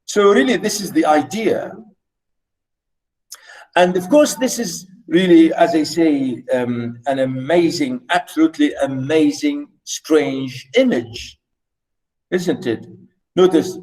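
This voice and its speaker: Lecturer, male, higher voice, unhurried, rhetorical and animated. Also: low-quality recording. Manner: animated, rhetorical questions, many fillers. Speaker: literature lecturer. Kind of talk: classroom poetry lecture.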